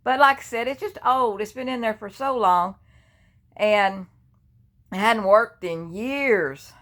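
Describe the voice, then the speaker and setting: A woman's voice: a little high, slow pace, a bit bright. An older woman talking casually from her bed in a personal vlog, rambling and chatty with many restarts, into a phone held at arm's length. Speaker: grief vlogger. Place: indoors, lying in her bed.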